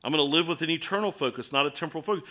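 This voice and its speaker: A man's voice: a little high, rapid-fire, bright, forceful tone. A man with an American accent preaching a sermon in an earnest, conversational way, full of rhetorical questions. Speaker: pastor.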